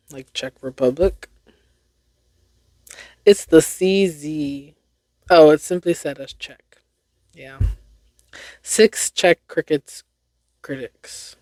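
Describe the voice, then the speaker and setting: A woman's voice: low voice, lively intonation, drawn-out words, pauses often, a little mellow, no echo, clean studio sound. A young woman hosting a casual solo podcast, reading tongue twisters aloud and laughing at her own stumbles. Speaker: podcast host.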